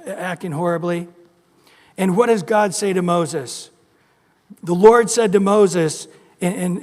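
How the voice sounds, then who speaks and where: Pastor, male, lively storyteller voicing quotes; bright high register, church reverb. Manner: animated storytelling, acting out quoted voices. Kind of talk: sermon. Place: church sanctuary.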